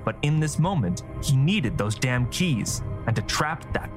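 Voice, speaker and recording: A man narrating a scripted fantasy story with a steady storytelling delivery. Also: mid-range voice, a little slow, music in the background.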